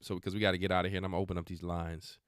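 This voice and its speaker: Podcast guy preaching at clips, scolding in slang, smooth clean voice, dry close mic. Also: low-pitched, level tone, rapid-fire, no room sound. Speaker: podcast host. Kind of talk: religious commentary on videos.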